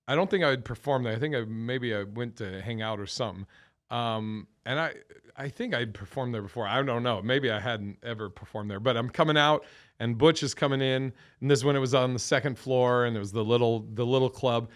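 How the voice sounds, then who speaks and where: A man's voice: mid-range voice, a little fast. A man in his thirties, a comedian guest telling stories in a loose, rambling way, swearing often and correcting himself mid-sentence. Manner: rambling, profane, self-correcting. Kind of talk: casual storytelling.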